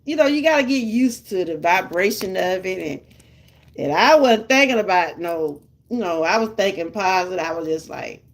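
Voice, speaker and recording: An older vlogger with a Southern US accent talks directly to her live viewers in a relaxed, chatty manner at normal speed. Her voice is middle-pitched, and she laughs often between stories.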